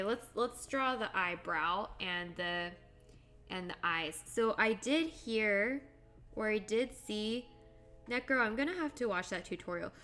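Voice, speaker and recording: A young woman live-streams while she draws, chatting casually with viewers, giggling and thinking out loud. Her voice is medium in pitch with a fairly bright tone.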